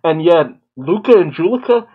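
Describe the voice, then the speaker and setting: A man's voice: on the high side, big pitch swings, normal speed, husky, phone-quality sound. A man giving casual, emotional reaction commentary on a cartoon episode, often exclaiming and laughing. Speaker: reaction video host.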